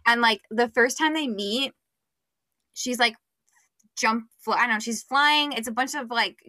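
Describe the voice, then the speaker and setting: Young woman, podcast co-host, bright higher voice, dry close sound, chatty, filler-heavy. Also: unhurried, no room sound. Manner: chatty, many fillers, acts out quotes. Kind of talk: casual book chat.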